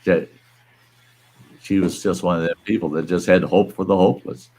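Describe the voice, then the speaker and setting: A man's voice: sits low, steady tone, moderate pace, dark tone, slightly rough. An older man hosting a livestream, telling a story in a blunt, folksy, profane way. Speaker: livestream host. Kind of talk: casual storytelling.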